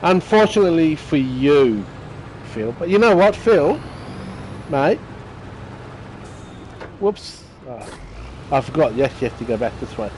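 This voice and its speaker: A man's voice: on the high side, big pitch swings, unhurried, long pauses, a little mellow, slight background noise, rough recording. A man giving casual, chatty commentary while playing a game and teasing viewers by name. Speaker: gaming streamer.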